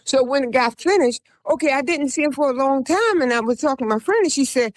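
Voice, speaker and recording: Woman talk-radio host, fairly high and very lively voice, rambling storyteller who exhorts listeners, dry close sound. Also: fast, hardly any pauses, no echo. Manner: exhorting listeners, repeating "come on, people"; rambling with restarts, acting out quoted voices. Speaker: radio show host and self-styled prophetess. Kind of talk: animated first-person storytelling on radio.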